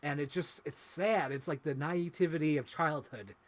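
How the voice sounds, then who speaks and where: At normal speed and a fairly high pitch, a male podcast co-host chats about films on a review talk show. He's casual and emotional, rambling and filling gaps with many fillers.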